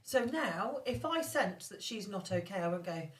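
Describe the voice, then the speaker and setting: A woman's voice: medium pitch, lively intonation, normal speed, reverberant, far from the mic. A woman co-hosting a casual podcast chat, candid and reflective as she tells a personal story. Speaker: podcast co-host.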